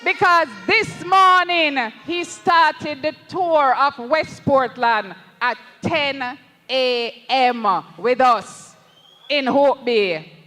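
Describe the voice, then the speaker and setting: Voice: high-pitched, extremely slow, sharp tone, long reverb tail. A speaker with a Jamaican accent giving an impassioned campaign rally speech, calling the crowd comrades and slipping into patois. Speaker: political candidate at a rally.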